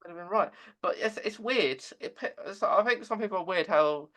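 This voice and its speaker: A man hosts a casual podcast chat. His voice sits high and sounds bright, and he stumbles and repeats words as he goes. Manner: halting, with many stammered repeats. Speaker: podcast host. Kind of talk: casual conversation.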